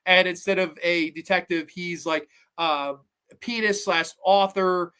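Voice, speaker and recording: A man hosting a podcast, chatting casually about a film in a rambling, excitable way and swearing often. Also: high-pitched, measured pace, clean tone. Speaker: podcast host. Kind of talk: casual movie review chat.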